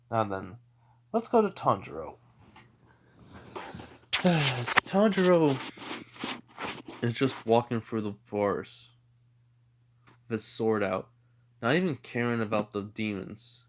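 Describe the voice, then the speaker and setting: A man's voice: fairly low pitch, expressive, a little slow, long pauses. Rambling man telling a fan story. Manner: rambling, with frequent sighs and self-corrections. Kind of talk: casual improvised story narration.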